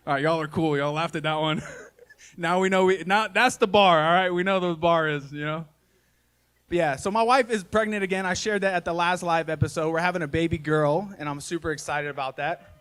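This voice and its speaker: A man's voice: fairly high pitch, brisk, a bit bright, clear, resonant tone. A man in his thirties doing live stand-up comedy, telling family stories in a folksy, self-mocking way full of "y'all" and "man.". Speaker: stand-up comedian and podcast host. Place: live comedy show before an audience.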